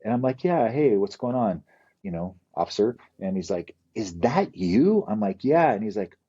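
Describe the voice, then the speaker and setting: A man's voice: fairly low pitch, expressive, normal speed, warm tone, breathy edge, muffled recording. A middle-aged man telling candid, profane stories from his past in a casual interview. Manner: candid, profane, rambling storyteller. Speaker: podcast guest.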